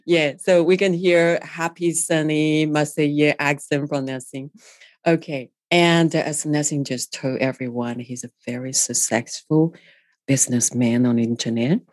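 A woman's voice: deep voice, fairly even intonation, a little slow, darkish tone, no room sound, clean studio sound. A woman hosting an interview, playful and laughing often, addressing her audience directly. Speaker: host. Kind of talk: interview for language learners.

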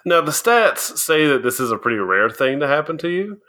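A man's voice: on the high side, very animated, a little fast, sharp tone. A man co-hosting a casual podcast chat, explaining things and often laughing as he goes. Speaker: podcast co-host.

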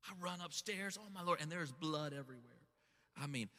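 A middle-aged man preaches in a high, very bright voice, telling a story with excitable energy. He trips over the first words of his sentences and repeats them. The sermon rings out with long reverb. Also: fairly quick. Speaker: pastor.

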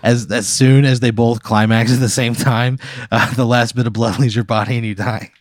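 A man's voice: mid-range voice, fairly even intonation, moderate pace, no echo. Casual male game master, laughs through the story, dry booth sound. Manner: laughing, loose storytelling with fillers. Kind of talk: casual improvised game narration.

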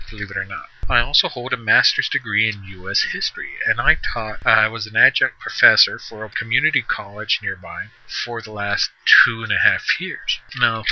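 A man's voice: mid-range voice, a little hiss or hum. Middle-aged guy rambling on his podcast, chatty and easygoing, kinda dull lo-fi sound. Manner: chatty, self-deprecating, conversational asides. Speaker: podcast host. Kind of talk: casual solo podcast monologue. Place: on the road.

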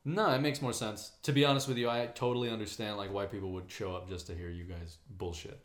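A man's voice: fairly low pitch, fast. A young man chatting casually with friends, swearing freely and acting out the people in his stories. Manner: animated storyteller, swears, acts out quoted voices. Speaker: friend in group chat. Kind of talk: casual chat. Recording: echoey room.

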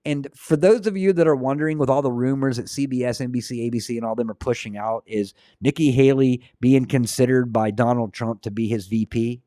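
Speaking briskly with hardly any pauses, this Christian livestream host talks earnestly in a casual way, then leads a prayer, frequently repeating words at the start of sentences. His medium-pitched voice is warm, with fairly even intonation. It's studio quality, without room sound.

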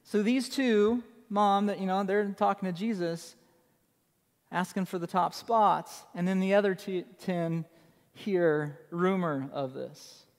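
A man's voice: sits high, slow pace, big-room sound. A man preaching a sermon as pastor, emphatic and conversational, repeating his key phrases for effect.

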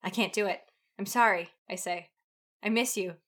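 Bright-voiced woman reading aloud. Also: mid-range voice, normal speed. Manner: giggly, breaks into laughter and off-key singing. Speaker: podcast co-host reading fan fiction aloud. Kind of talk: comedic dramatic reading with banter.

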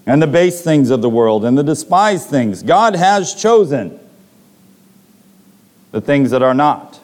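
A man's voice: medium pitch, big pitch swings, unhurried, darkish tone. A man preaching a sermon to a congregation, reading scripture and retelling stories with dramatic voiced quotes.

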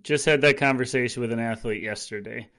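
A man's voice: mid-range voice, a little fast, a bit bright. A male podcast host with an ordinary mid-range voice. He asks questions loosely and casually, often making fun of himself. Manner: chatty, self-deprecating questions with fillers. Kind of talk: casual interview chat.

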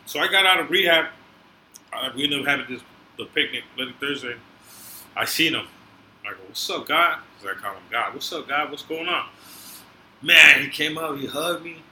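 A man's voice: mid-range voice, moderate pace, long pauses, sharp tone. A man, a podcast guest, telling his story in casual, emotional street slang. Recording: echoey room, faint noise.

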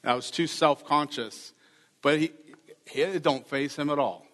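A man's voice: a little high, measured pace, fairly bright tone. Man preaching in an echoing church. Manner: earnest, conversational preaching with repeated phrases. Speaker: pastor. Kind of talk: sermon. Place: church sanctuary. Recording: reverberant church hall.

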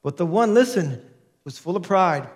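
A man preaching a sermon as a pastor, animated and acting out the people he quotes. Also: high-pitched, moderate pace. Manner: animated, acts out quoted voices in his preaching.

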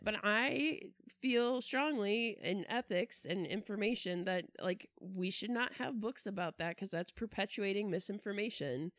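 A woman's voice: mid-range voice, moderate pace, few pauses, a bit bright, dry recording. A woman in her thirties, a librarian co-hosting a podcast, telling stories in casual chat with fillers. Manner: storytelling, hesitant with fillers.

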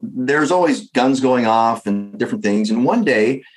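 A man telling a story in casual chat, animated, with frequent fillers. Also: medium pitch, a little slow, soft background music, rough recording.

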